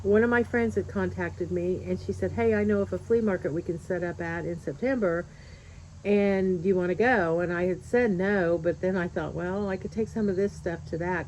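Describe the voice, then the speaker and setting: A woman's voice: on the low side, normal speed, a little mellow, slight background noise, rough recording. A middle-aged woman vlogger chatting casually as she tells a story, laughing often and acting out what others said. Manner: chatty, laughs often, acts out quoted voices.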